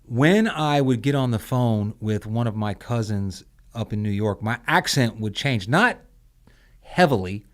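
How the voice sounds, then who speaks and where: A man's voice: mid-range voice, animated, unhurried. A man co-hosting a podcast in casual chat, blunt and rambling, swearing freely. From southern United States. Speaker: podcast co-host.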